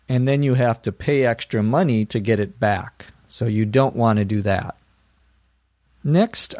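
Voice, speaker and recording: A man's voice: medium pitch, no echo, clean studio sound. A middle-aged man teaching English vocabulary, explaining each word plainly and sometimes spelling words out. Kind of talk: slow, clear vocabulary lesson for learners.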